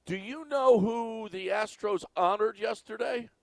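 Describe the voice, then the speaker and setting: A man's voice: high-pitched, measured pace, vocal fry, faint music behind. A man co-hosting sports talk radio, asking incredulous questions.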